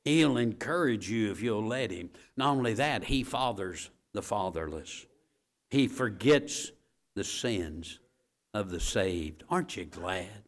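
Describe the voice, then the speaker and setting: A male preacher delivers a sermon in a homespun, conversational way, tossing quick asides to his listeners. He repeats his key lines, often sinking into a low, quiet hush before climbing into loud, emphatic bursts. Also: expressive. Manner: folksy asides to the congregation.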